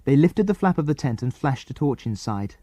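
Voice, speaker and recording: A man narrating a children's adventure audiobook in an expressive, lively reading style. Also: mid-range voice, a little fast, no echo. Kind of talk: scripted storybook narration.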